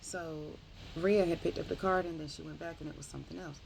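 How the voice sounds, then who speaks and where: Woman book reviewer, low gravelly voice, dark tone, rambling animated retelling with self-corrections. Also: brisk, slight background noise, rough recording.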